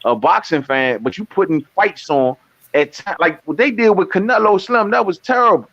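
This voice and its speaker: A man calling in as a guest, easygoing and loose, ending lines with "man." His slightly high voice comes over dull, dry call audio. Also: animated, normal speed, a bit bright, no echo. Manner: laid-back, keeps saying "man".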